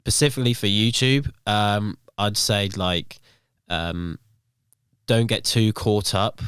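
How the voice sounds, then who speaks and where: A man's voice: on the low side, steady tone, slow, a bit bright, smooth, no room sound, clean studio sound. A young man telling stories on a podcast as the guest, with lots of fillers like "um" and "like". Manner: rambling, filler-heavy storytelling. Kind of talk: casual podcast chat.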